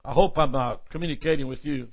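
A man's voice: mid-range voice, fast talker, vocal fry, slightly rough, dull audio. A male pastor preaching a sermon with impassioned repetitions and prayerful asides.

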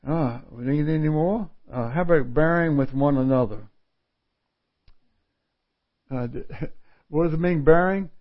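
Slow-talking folksy preacher man. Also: a little high, muffled recording. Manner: folksy, self-mocking, laughs often. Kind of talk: sermon.

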